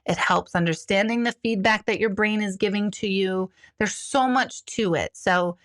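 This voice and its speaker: A middle-aged woman, an intuitive coach, talking casually and bluntly while she answers viewer questions. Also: normal speed. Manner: chatty and blunt, jumps into high panicky voices for quoted thoughts. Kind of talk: casual live talk.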